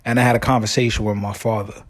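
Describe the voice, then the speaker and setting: A man's voice: fairly low pitch, little pitch movement, fast. A man hosting his own podcast, telling a long story in a rambling, slangy way with many restarts. His family comes from Guyana. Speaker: podcast host. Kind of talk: casual solo podcast monologue.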